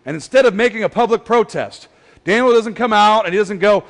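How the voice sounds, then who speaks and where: A man's voice: sits high, a little fast, big-room sound. A man preaching a sermon in a casual, joking style, going off on playful rants. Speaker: pastor. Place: church hall.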